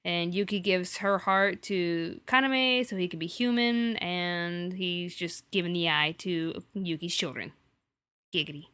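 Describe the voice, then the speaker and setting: Young woman podcast co-host, bright dry voice, laid-back and joking. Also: fairly low pitch, a little slow, clear, resonant tone, dry recording. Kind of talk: casual chat.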